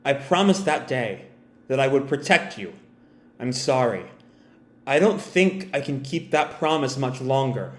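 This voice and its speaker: A soft-spoken, motherly android woman says her farewell, gentle and protective, read aloud by a man in his own fairly high voice. The delivery is quiet and low-key, and the sound bounces around a roomy, echoing space. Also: animated, moderate pace, close to an everyday voice. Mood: sorrowful farewell. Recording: roomy echo.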